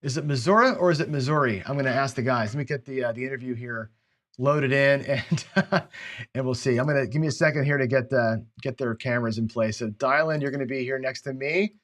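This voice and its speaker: A man hosting a casual online interview, chatty and quick to laugh, often repeating his words. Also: medium pitch, fairly even intonation, fairly bright tone. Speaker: show host. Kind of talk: casual video call interview.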